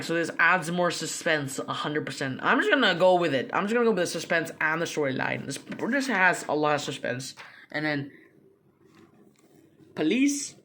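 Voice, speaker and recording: A man's voice: fairly high pitch, sharp tone. A young man casually recapping a comic book, rambling with lots of fillers, restarts and slang.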